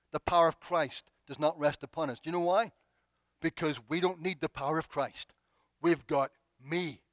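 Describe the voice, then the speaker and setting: A man preaching a sermon, acting out pleading prayers with expressive, dramatic delivery. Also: on the high side, no echo.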